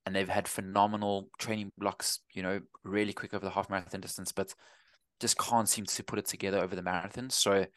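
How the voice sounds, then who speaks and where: A man's voice: sits low, little pitch movement, quick pace, fairly bright tone, no echo. A man in his thirties with a South African accent, a running coach chatting easygoing as an interview guest, often restarting his sentences. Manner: easygoing, rambling with frequent restarts. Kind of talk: casual interview chat.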